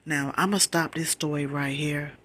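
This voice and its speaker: A woman telling a true personal story in a soft-whispered ASMR storytime, her retelling rising in pitch with emotion. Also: steady tone, normal speed. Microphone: close phone mic.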